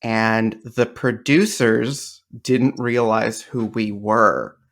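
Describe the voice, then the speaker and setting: A man's voice: fairly low pitch, extremely slow, gravelly, a bit bright. A male comedian and playwright guesting on a podcast, telling rambling stories with a dry, joking manner in casual interview chat.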